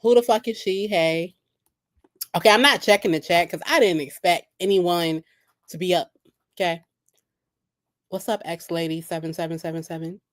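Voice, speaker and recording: Reaction host: woman with a lower voice, blunt and profane, cracks herself up. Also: normal speed, long pauses. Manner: blunt, profane, laughing at own jokes. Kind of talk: casual live reaction commentary. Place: home at night.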